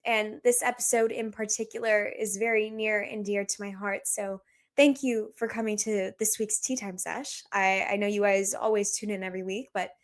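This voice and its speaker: A woman's voice: medium pitch, fairly even intonation, normal speed. A woman in her twenties hosting a solo podcast, talking in an earnest, confessional way with lots of "like.". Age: 20s. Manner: earnest, confessional, says "like" often. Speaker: podcast host.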